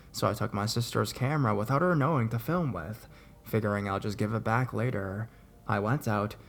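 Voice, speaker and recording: Gravelly-voiced young man telling horror stories. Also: mid-range voice. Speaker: horror story narrator. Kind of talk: scripted horror story narration.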